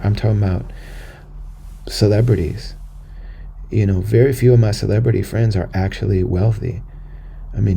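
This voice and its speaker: An American man talks through a personal story on his podcast, earnest and conversational, circling back over his words. His voice is low, dark and mellow, with a heavy gravelly fry. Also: slight background noise. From United States. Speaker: podcast host. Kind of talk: personal monologue.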